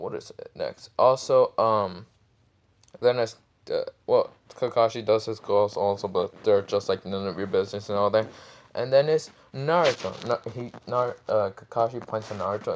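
A man casually retelling a fan story in a rambling, irreverent way, full of fillers. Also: on the low side.

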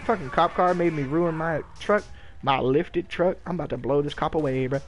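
A young man streams a game and talks over it in a loose, profane, trash-talking way. His voice sits fairly high for a man, and he keeps breaking into laughter and shouts. A faint hiss of noise runs under his commentary. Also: brisk. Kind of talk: casual gaming stream commentary.

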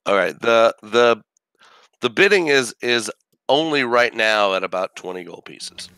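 A man's voice: medium pitch, expressive, a little slow, bright, forceful tone, smooth, no room sound. A man narrating a tabletop game as game master, describing scenes with many restarts.

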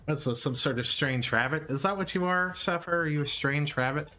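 Bright-voiced joking male streamer. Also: a little high, fairly quick, soft background music. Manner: joking, laughs often, playful slang. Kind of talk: casual chat over a game stream.

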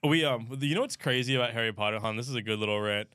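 Male podcast co-host, bright voice, dry close mic, rambling profane rants. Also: mid-range voice, rapid-fire, clean tone, no room sound. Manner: profane, ranting, lots of fillers. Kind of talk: casual comedy podcast chat.

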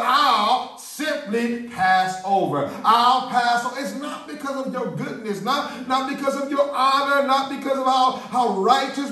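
A man preaching a sermon as pastor, excitable and stumbling over repeated words as he builds up. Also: extremely high pitch. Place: church sanctuary. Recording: echoey room, mic at a distance.

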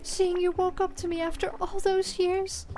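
A woman voicing a tearful middle-aged woman who is overwhelmed with emotion, in a high, wavering voice that breaks into sobs. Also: level tone, moderate pace, dark tone, a little hiss or hum.

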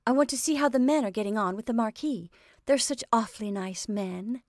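A woman's voice: a little high, a little fast, dry recording, voice pushed up, close to an everyday voice. Brief: a woman doing an eager, sensitive young girl, lightly raised voice, dry read. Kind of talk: storybook reading.

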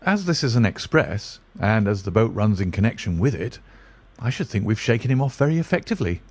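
A man's voice: fairly low pitch, big pitch swings, brisk. A man voicing an anxious, loyal doctor.

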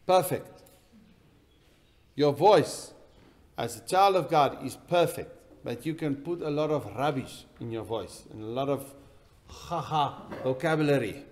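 A man preaching a sermon in a church, swinging between loud emphatic bursts and quiet, intense passages. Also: medium pitch, lively intonation, unhurried. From South Africa. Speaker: pastor.

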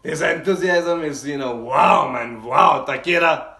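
A man giving excited anime reaction commentary, gushing and exclaiming often. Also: on the high side, measured pace. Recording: roomy echoey room.

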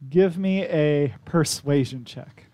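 Relaxed man running a tabletop game. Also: a little high, slow pace, no echo. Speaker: game master.

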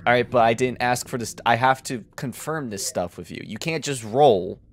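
A man narrating a tabletop role-playing game as game master, casual and quick to laugh. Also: mid-range voice.

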